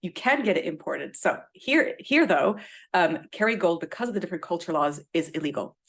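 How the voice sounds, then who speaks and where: A woman from Ireland, a guest author in casual podcast chat, telling rambling, animated stories and swearing freely. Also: fairly low pitch, fairly quick.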